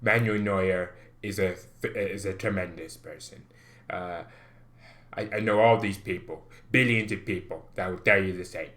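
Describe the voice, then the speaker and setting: A man doing an impression of a boastful older politician who brags in slow, repeated superlatives, with his voice a little lower than usual. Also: fairly bright tone. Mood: grandiose.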